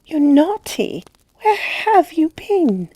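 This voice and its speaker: A woman voicing a sweet, innocent little girl who speaks in a slow, high, sing-song drawl. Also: big pitch swings, mellow, no room sound, exaggerated voice. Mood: reproachful.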